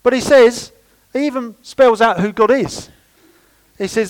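A man preaching a sermon in church, lively and conversational with playful asides. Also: very high-pitched, measured pace, long pauses, poor audio. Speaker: pastor.

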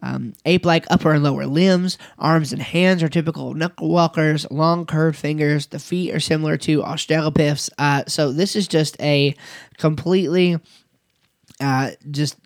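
A man's voice: fairly high pitch, a little slow, no echo. Man lecturing with many fillers, dry sound. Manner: conversational, with fillers and occasional laughs. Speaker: teacher. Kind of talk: recorded lecture.

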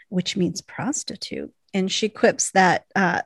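A woman in her thirties, a podcast co-host, recapping a TV episode in casual, animated chat. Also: mid-range voice, a little slow, vocal fry, no echo, clean studio sound. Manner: animated storytelling, acts out quotes with laughs.

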